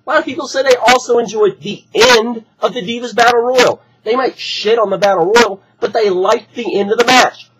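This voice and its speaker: A hoarse man, still recovering from being sick, ranting heatedly and with plenty of swearing in an opinion vlog. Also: extremely high pitch, moderate pace, few pauses, a bit bright, slight background noise, rough recording. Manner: heated, profane, repetitive ranting. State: hoarse from recent illness. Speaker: wrestling fan vlogger. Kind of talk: opinion rant to camera.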